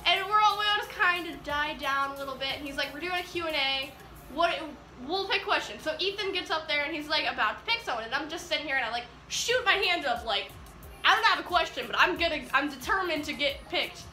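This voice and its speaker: A teenage girl excitedly retelling a story in a vlog, acting out the dialogue as she goes. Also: sits high, fairly quick. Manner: bubbly, animated retelling with quoted dialogue. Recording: echoey room with faint music.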